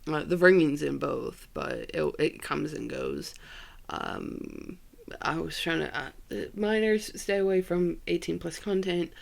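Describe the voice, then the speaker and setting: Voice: mid-range voice, unhurried, creaky. A young adult hosting a solo podcast, rambling in scattered, self-deprecating asides with frequent giggles. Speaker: podcast host.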